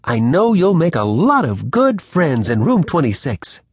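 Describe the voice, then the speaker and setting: A man's voice: a little high, huge pitch swings, measured pace, slightly rough, no echo, studio quality, full character voice. A man voicing a kind but firm middle-aged female schoolteacher in a children's audiobook. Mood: instructive. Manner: warm but firm teacher talk.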